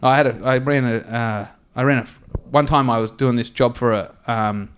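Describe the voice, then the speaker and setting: A man's voice: mid-range voice, normal speed, clear, resonant tone. A man with an Australian accent telling crude, sweary anecdotes on a comedy podcast. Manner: crude, swearing, animated storyteller. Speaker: podcast co-host. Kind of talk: casual comedy podcast storytelling.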